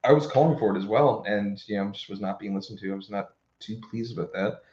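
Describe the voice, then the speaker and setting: Casual male podcast host, lowish voice, animated and profane storyteller; roomy, dull recording. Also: fast talker. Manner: animated storytelling with frequent restarts and swearing. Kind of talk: casual chat.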